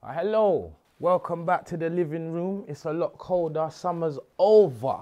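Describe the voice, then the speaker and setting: A man's voice: a little high, expressive, moderate pace, warm tone, highs cut off. A man, hosting a comedic monologue to camera, rambling in street slang with stumbles and repeated words. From United Kingdom. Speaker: host.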